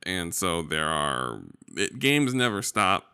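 Deep-voiced rambling man. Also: sing-song, takes it slowly, sharp tone, smooth, no echo, clean studio sound. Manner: rambling, loose, joking. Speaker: podcast co-host. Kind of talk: casual podcast chat.

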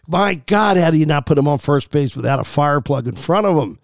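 A man's voice: fairly high pitch, expressive, fairly quick, vocal fry, no echo, studio quality. A man hosting a sports podcast, arguing his opinions in a heated, emphatic way.

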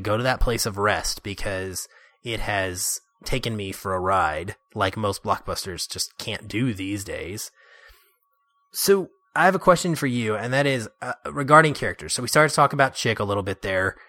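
A man co-hosting a casual movie discussion, animated and laughing often as he acts out quotes. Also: fairly low pitch, normal speed, dry recording. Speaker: podcast co-host.

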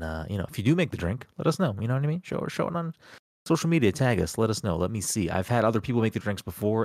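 A man's voice: low-pitched, no room sound, clean studio sound. A young adult man hosting a gaming podcast in a loose, joking way, cursing casually as he runs the intro. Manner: loose, joking, swears freely. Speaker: podcast host. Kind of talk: casual chat.

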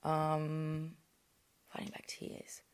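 A woman's voice: low-pitched, completely flat delivery, extremely slow, smooth. An Australian woman, a professional boxer, talking bluntly and rambling, with constant swearing, in an interview. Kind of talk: candid interview chat.

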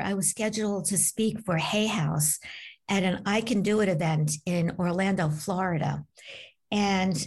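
A woman, a medium and author, telling a personal story as an interview guest, animated and acting out the voices of the people in it. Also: medium pitch. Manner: animated, acts out voices in her stories. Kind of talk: conversational storytelling.

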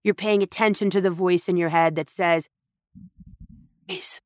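A woman with a lowish, fairly evenly intoned voice hosts a podcast, delivering a reflective spiritual monologue. She goes slowly and emphatically, leaning on repetition of phrases, in a clean studio recording with no room sound.

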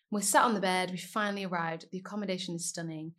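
Woman in her thirties, podcast guest, lively storyteller who acts out quotes. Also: brisk. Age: 30s. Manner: animated, acts out quotes with big pitch jumps. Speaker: guest singer. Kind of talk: casual storytelling chat.

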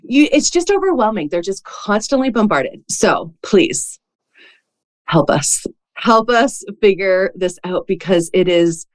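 A woman's voice: medium pitch, lively intonation, a little slow. Chatty woman podcast host. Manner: chatty storytelling with many "like" fillers. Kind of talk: casual conversational interview.

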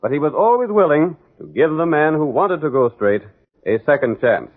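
A man's voice: on the high side, expressive, normal speed. A man narrating a 1940s radio drama as announcer, with dramatic announcing. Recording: tinny old radio broadcast.

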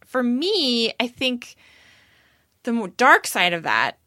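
A woman co-hosting a podcast in a casual chat, talking fast with wry asides. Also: fairly high pitch, wildly swooping pitch, bright, forceful tone, dry recording, clean studio sound. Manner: chatty, wry, quick asides. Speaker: podcast co-host.

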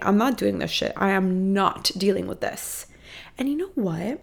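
A young woman hosting her podcast from her apartment, giving a casual, profane, animated motivational pep talk. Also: medium pitch, creaky. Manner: expressive, profane, animated emphasis. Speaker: podcast host. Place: apartment room at home.

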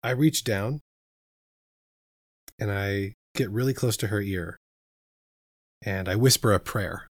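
A man's voice: fairly low pitch, no room sound, clean studio sound. A man playing a tabletop game, thinking aloud and describing his character's actions step by step. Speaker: player. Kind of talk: casual tabletop play.

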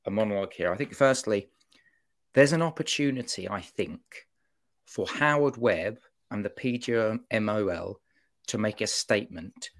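A man giving an animated, opinionated monologue on a football podcast, often breaking off to mock-quote officials. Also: on the low side, normal speed. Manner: animated, self-interrupting, mock-quoting officials.

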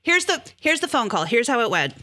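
A woman co-hosting a podcast in casual chat, giggly and animated. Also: a little high, brisk, very noisy. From lives in the US South. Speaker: podcast co-host.

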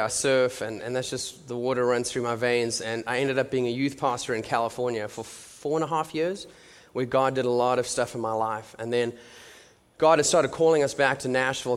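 A man in his thirties giving a conversational sermon testimony with jokey asides and frequent restarts, dropping to a soft hush at intimate moments. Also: mid-range voice. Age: 30s. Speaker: church speaker sharing his testimony. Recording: long reverb from a large hall.

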